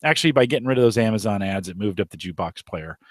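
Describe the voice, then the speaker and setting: Sitting out on a deck, a podcast host from around Omaha, United States, talks through his live tech show in a loose, chatty ramble full of restarts. He speaks very fast in a fairly low, animated voice, with no room sound at all.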